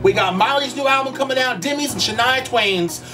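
This man, a music reaction YouTuber, speaks briskly in a very high voice while gushing over a pop song with campy profanity and sudden shrieks. He's far from the mic, and the song plays loudly over him.

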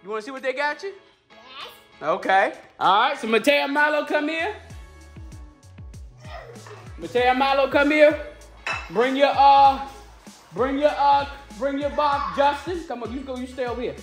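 A playful woman chats through a casual family vlog, teasing and coaxing her kids in a relaxed drawl. Her voice sits high in pitch. Soft music plays faintly underneath. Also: normal speed, pauses often. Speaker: family vlogger.

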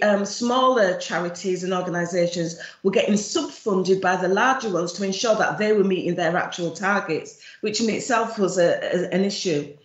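Woman, Jamaican accent, charity chief presenting online, frank and emphatic, roomy muffled call audio. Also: medium pitch. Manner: frank, emphatic, speaks of her views directly. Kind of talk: virtual conference presentation. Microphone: video call computer mic.

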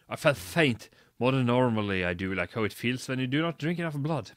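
A man's voice: mid-range voice, fairly quick, hardly any pauses, a bit bright, no echo, clean studio sound. A man reading a badly written story aloud for comedy, mocking it and stumbling over its misspellings. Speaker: reader.

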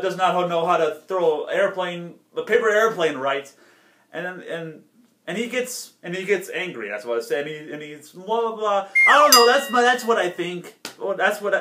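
A man doing casual reaction commentary as a YouTuber, rambling and halting with many restarts. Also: sits high, sharp tone. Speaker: YouTuber reacting to a cartoon episode. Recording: roomy echo.

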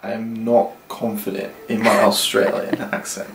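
A man's voice: lowish voice, level tone, unhurried, creaky, loud music behind the voice. A young man speaking shyly and hesitantly as the vlogger's companion. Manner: hesitant, shy, mumbled. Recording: noisy camera audio.

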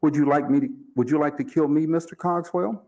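A man's voice: a little high, dark tone, voice pushed up. A man doing a coolly menacing mortician. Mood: cool menace. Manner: measured, formal, coolly amused. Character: calm, cold-blooded older male mortician, polite and menacing.

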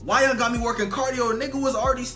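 A man's voice: very high-pitched, steady tone, racing, bright, forceful tone, soft background music. A young man telling a funny storytime vlog in slangy casual talk, full of "bro" and "you know what I'm saying". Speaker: storytelling vlogger.

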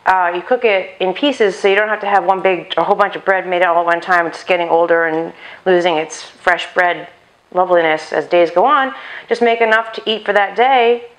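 A woman's voice: on the low side, brisk, rough recording. Woman chatting thru a cooking demo, mutters to herself, mic clipped on her chest, kitchen at home. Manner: rambling, talks to herself while cooking. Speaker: cooking channel host. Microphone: lapel mic on chest.

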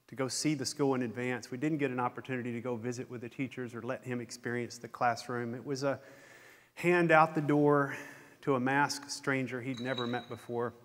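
A middle-aged man giving a conference keynote, telling a candid, self-deprecating personal story on a concert hall stage. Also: mid-range voice. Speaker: conference speaker. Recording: long hall reverb.

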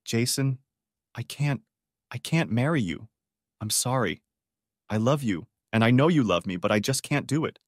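A man's voice: medium pitch, sing-song, measured pace, pauses often, no echo, clean studio sound. A man voicing a distressed young bride who stammers through tears in an audiobook story. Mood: anguished.

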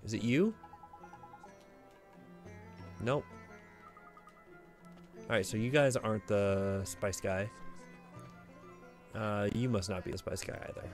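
A man's voice: fairly low pitch, takes it slowly, long pauses, darkish tone, faint music behind. A man hosting a blind let's play, giving casual gameplay commentary with playful, joking asides.

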